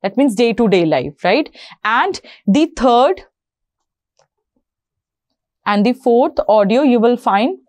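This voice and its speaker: A woman's voice: a little high, lively intonation, slow pace, pauses often, a little mellow, no echo. A woman explaining an exam format to learners, often checking in with "right?" and "you know". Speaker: IELTS instructor.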